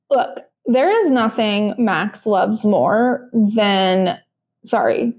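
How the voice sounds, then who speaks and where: Co-hosting a podcast, this young woman talks loosely in a high-ish voice with a darkish tone. Her casual chatter is packed with fillers and frequent restarts.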